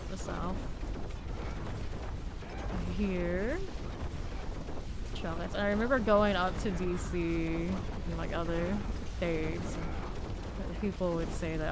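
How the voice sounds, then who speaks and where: A woman's voice: fairly low pitch, unhurried, creaky, noisy background. A woman from Florida streaming a game, chatting casually and rambling through side stories while she plays. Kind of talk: casual gameplay commentary.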